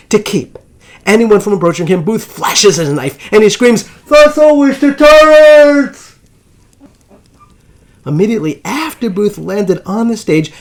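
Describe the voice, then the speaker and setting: Dramatic male history storyteller, lively pitch. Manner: dramatic storyteller, slow drawn-out suspense pauses. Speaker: history channel host. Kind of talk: scripted dramatic history narration.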